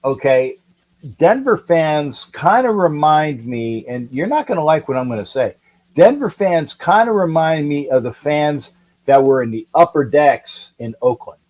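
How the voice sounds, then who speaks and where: Slow, rambling man hosting a sports livestream. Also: on the high side, sing-song, a little mellow, rough recording. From California. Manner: rambling, chatty, reads viewer comments aloud. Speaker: sports talk livestream host. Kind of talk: casual live-stream sports talk.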